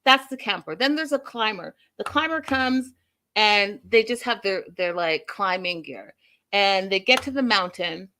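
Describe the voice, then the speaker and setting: A woman's voice: mid-range voice, measured pace. A woman hosting a casual recap and review, giving her opinions openly and speaking straight to her viewers. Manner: opinionated, animated, addresses viewers directly. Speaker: host.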